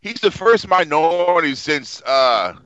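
A man's voice: fairly high pitch, sing-song, unhurried, fairly bright tone, no echo, dull audio. A man co-hosting a casual chat, blunt and teasing, swearing freely. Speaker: podcast co-host.

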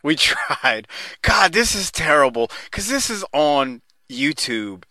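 A male podcast host joking around in casual chat, laughing easily and cursing. His voice is bright and swings widely in pitch, and the recording is dry. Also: sing-song, slow pace, dry recording.

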